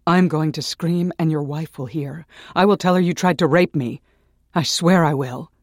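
A man voicing a defiant young woman who makes loud, threatening demands. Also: mid-range voice, fairly even intonation, normal speed, no room sound, studio quality, natural voice.

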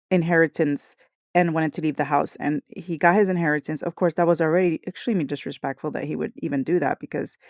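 A woman hosts a podcast, offering a casual devotional reflection in a low, slightly mellow voice. She's earnest and rambling, full of "like" and "you know." It's recorded live on a small computer microphone, with a dull, dry, lo-fi sound.

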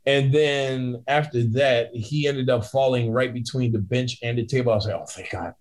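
A man telling a story from his work as a bouncer in casual chat, acting out both sides with lively shifts in voice. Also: mid-range voice, moderate pace, rough recording. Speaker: guest bouncer.

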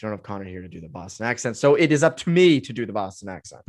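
A man in his twenties with a fairly low voice hosts a sports podcast, racing through casual hockey team analysis with hardly any pauses. He's very animated, thinks aloud loosely, and uses plenty of filler words; the clean studio sound has no echo.

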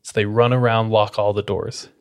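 This podcast host's voice is lowish, clear and resonant, moving at normal speed. He casually relays a spooky tale, relying on "like" as a filler throughout.

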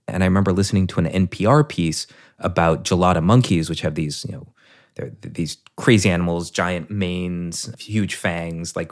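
Deep-voiced man telling a story. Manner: thoughtful, explains with examples. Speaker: guest. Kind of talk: conversational storytelling.

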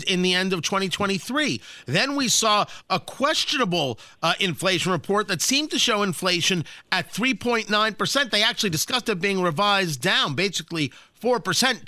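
A man's voice: high-pitched, pushed and bright, no echo, clean studio sound. A man hosting a talk radio show, interviewing a guest with probing questions and wry asides.

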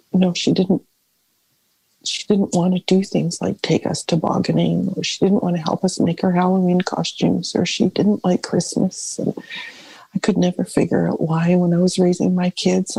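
A middle-aged woman speaks in a reflective, searching way, circling back and restarting her thoughts. Her voice is gravelly and husky with a mellow, dark tone. The sound is close and dry. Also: fairly low pitch, dry recording, poor audio. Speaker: family caregiver. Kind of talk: reflective personal interview.

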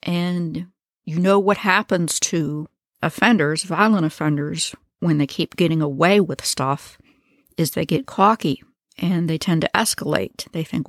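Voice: medium pitch, a little slow, no room sound, clean studio sound. A narrator retelling a crime case in a casual, conversational way with slangy asides.

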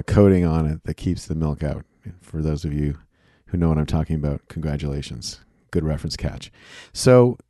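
A man's voice: low-pitched, dark tone, no echo, studio quality. A man hosting a casual solo show, rambling in a playful, self-deprecating way. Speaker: podcast host.

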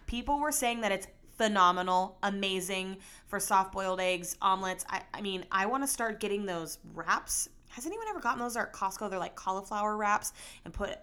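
A young woman talks through her podcast in a loose, rambling way. Her voice is bright and forceful, and it jumps up in pitch and volume when she stresses a point. She keeps things casual and chatty, as if talking to friends. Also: fairly quick. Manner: chatty, rambling, animated with bursts of emphasis. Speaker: podcast host. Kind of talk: casual solo podcast chat.

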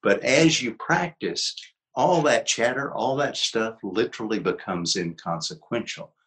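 A man's voice: low-pitched, a bit bright, poor audio. An older man, a psychologist guest, explaining ideas in a reflective, emphatic teaching tone during an interview. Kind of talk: conversational interview.

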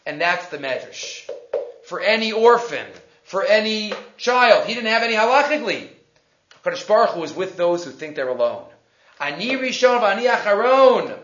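A man teaching a Torah class, telling a story and slowing down to read verses aloud. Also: high-pitched, animated, fairly bright tone. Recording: roomy, dull lo-fi recording.

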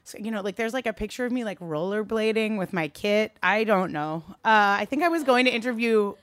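A woman giving a candid, animated talk to a live audience, swearing freely and rising into a high register when worked up. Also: fairly quick, no room sound, clean studio sound. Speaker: speaker addressing a live audience.

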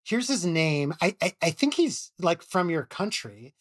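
A man's voice: on the high side, very animated, measured pace, no echo, studio quality. A middle-aged man, an emergency physician, telling a story casually with many restarts and laughs.

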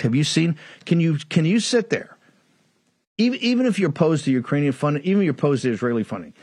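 A man's voice: a little high, dry recording. An older man hosting a political talk show, speaking emphatically with repeated phrases and rhetorical questions. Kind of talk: fiery political commentary.

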